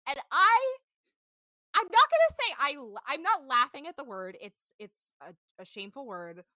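A woman's voice: sits high, very animated, moderate pace, pushed and bright, no echo, studio quality. A woman co-hosting a casual podcast, animatedly recapping a reality show, laughing and swearing as she tells it. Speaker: podcast co-host. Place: apartment home.

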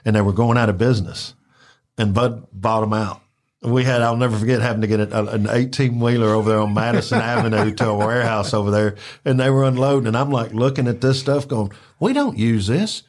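A man's voice: lowish voice, quick pace. A man telling rambling stories in casual chat, full of fillers and acted-out quotes. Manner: rambling, animated, acts out quotes with filler words. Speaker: storyteller recalling work at a club.

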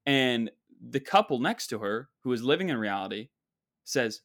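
Male podcast host, comedic rambling storyteller, sarcastic and mock-boastful, mid-pitched voice. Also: big pitch swings, moderate pace, fairly bright tone.

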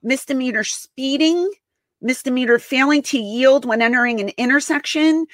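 A woman's voice: sits high, moderate pace, a bit bright, no room sound. A woman hosting a podcast in casual chat, talking emphatically with many restarts and repeated words. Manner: emphatic, repeats herself, exasperated. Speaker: podcast host.

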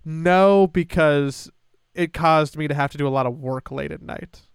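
Smooth-voiced young man telling stories. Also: a little high, measured pace, no echo, studio quality. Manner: animated, stammering restarts and laughing asides. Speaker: podcast co-host. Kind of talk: casual storytelling chat.

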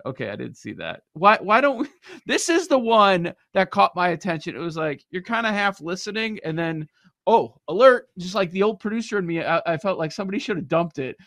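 Animated man hosting sports talk. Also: sits high, gravelly, no room sound, clean studio sound. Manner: animated, laughing often.

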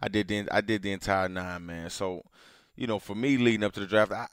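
Smooth-voiced man chatting casually. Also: brisk, no echo, clean studio sound. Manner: excitable, laughs loudly, gets louder and higher when worked up. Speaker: podcast co-host. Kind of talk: casual chat.

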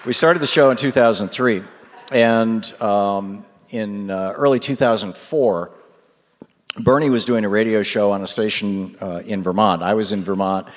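A man's voice: fairly low pitch, a little slow, some chatter behind. Man telling a rambling story in a hall. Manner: rambling, laughing, animated retelling with many fillers. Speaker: radio host. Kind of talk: storytelling at a live public event. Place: large hall with an audience. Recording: long hall reverb.

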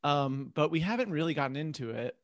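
A man's voice: a little high, expressive, a little fast, no echo. A man co-hosting a podcast in casual chat, teasing his co-host with mock-earnest, exaggerated praise.

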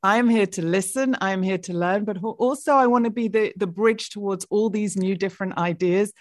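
A woman's voice: mid-range voice, moderate pace, no echo, clean studio sound. A British woman answering interview questions as a tech executive, in upbeat, polished business talk.

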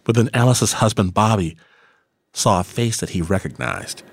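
A man narrating a documentary in a measured, scripted storytelling manner. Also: fairly low pitch, creaky, no echo.

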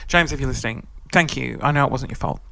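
A man's voice: medium pitch, quick pace, vocal fry, fairly bright tone, dry recording. A man telling a story in casual chat, dramatic and sweary, acting out his own angry rants.

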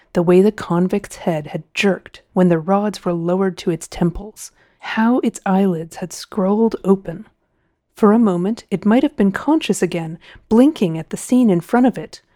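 Mellow woman narrating a novel. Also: fairly low pitch, dry recording, studio quality. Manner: expressive, measured storytelling. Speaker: audiobook narrator. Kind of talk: scripted narration.

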